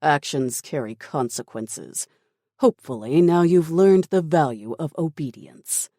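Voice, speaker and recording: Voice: mid-range voice, animated, a little slow, mellow, no room sound, clean studio sound. A cold, menacing commander, as a narrator voices him. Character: ruthless calm male military commander.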